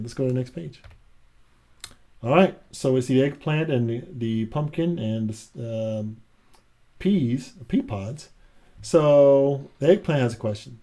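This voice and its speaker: In a mellow, mid-pitched voice, a man reads a children's picture book aloud in a relaxed, chatty way. Between pages he stops to comment on the pictures, adding asides and laughing.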